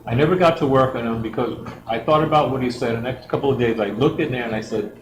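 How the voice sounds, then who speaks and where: A man's voice: medium pitch, quick pace, few pauses. A middle-aged man giving a rambling personal story as a church guest speaker, acting out the quotes. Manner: rambling and lively, acts out quotes. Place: church hall. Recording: echoey hall with background noise.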